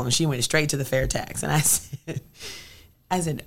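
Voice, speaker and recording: Low-pitched woman from illinois, emphatic political chat, fired up. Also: brisk. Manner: emphatic, rallying. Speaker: state senator guest.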